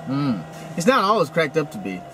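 A male comedian host bantering in a van, needling his guest with teasing, provocative jokes. His voice rises and falls in an animated way, and a faint hum of road noise sits behind him. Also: on the high side, a little fast. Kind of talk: casual comedic chat. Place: inside a van.

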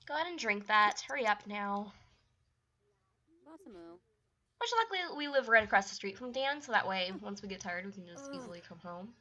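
A woman's voice: medium pitch, lively intonation, normal speed, pauses often, sharp tone. A young woman narrating her life-sim game and scolding the characters in casual commentary, often exasperated. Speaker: gaming YouTuber. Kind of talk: let's play commentary.

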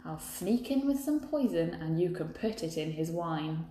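A woman's voice: lowish voice, expressive, normal speed, warm tone, a little hiss or hum, close to an everyday voice. A woman reading a storybook, voicing a young male hero making a plan to rescue his bride. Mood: reassuring. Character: brave young man hero, reassuring. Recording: echoey room.

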